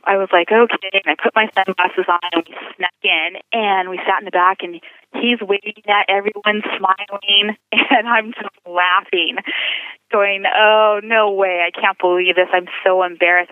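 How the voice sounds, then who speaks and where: Over a tinny, dry phone line, a woman gives a personal testimony as a guest, earnestly recounting her life story with vivid, acted quotes. Her voice is medium in pitch, and there's no room sound.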